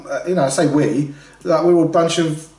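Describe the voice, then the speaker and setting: Fast-talking man, roomy sound. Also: fairly high pitch. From Britain. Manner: animated, acts out quoted voices, many restarts. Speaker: podcast co-host. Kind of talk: casual podcast conversation. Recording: roomy, somewhat distant mic.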